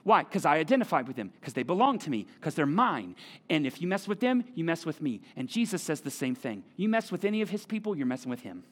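A man's voice: a little high, big pitch swings, fast, a bit bright. A middle-aged man preaching a sermon in a church, talking conversationally and repeating key phrases for emphasis. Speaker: pastor. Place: church auditorium.

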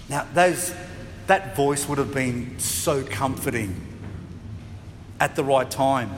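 A man preaching a sermon as pastor, chatty and lively, now and then acting out voices with a laugh. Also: medium pitch, unhurried, long pauses, big-room sound, slight background noise. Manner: conversational, acts out voices and laughs.

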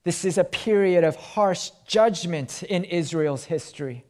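A man preaching a sermon to his congregation in a slow, emphatic delivery that swells loud and then sinks quiet. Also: high-pitched. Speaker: pastor.

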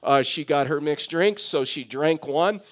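Pastor guy telling a story in his sermon, bit higher voice, lots of uhs. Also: measured pace, fairly bright tone. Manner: storytelling with many fillers and restarts.

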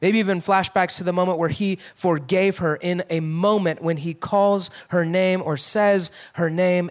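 A man with a high voice walks through a Bible passage like he's chatting with friends. He acts out the characters' lines with a lift in pitch, then drops quiet and soft when he wants a moment to land. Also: moderate pace, few pauses. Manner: conversational, acts out quotes in a raised voice, drops to a hush for emphasis. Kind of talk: casual Bible teaching.

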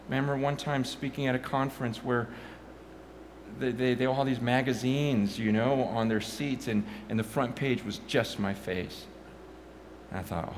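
A man preaching a sermon on a stage, telling a story with passion and frequent stammering restarts, at times nearly shouting. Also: mid-range voice, a little hiss or hum.

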